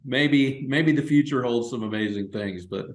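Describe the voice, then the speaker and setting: A man hosting a web show, rambling and relaxed with many fillers. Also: mid-range voice, moderate pace. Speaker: host. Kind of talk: casual chat. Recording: echoey room.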